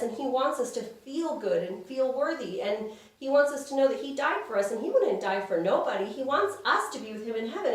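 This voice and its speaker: A woman leading a children's church lesson, speaking gently and simply and asking the kids questions. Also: fairly high pitch, very echoey, distant mic. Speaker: children's Sabbath school teacher.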